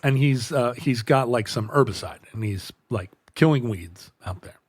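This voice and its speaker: A man's voice: medium pitch, normal speed, husky, dry recording, studio quality. A middle-aged man telling a long, rambling anecdote in casual chat, breaking off mid-sentence and acting out the dialogue. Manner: rambling, self-interrupting anecdote with quoted dialogue. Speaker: podcast host.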